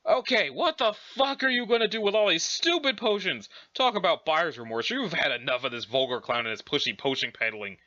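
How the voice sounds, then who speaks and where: A man's voice: a little high, animated, brisk, few pauses, sharp tone, highs cut off, a little hiss or hum. A man reading a web comic aloud, with sardonic, profane commentary. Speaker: comic reader.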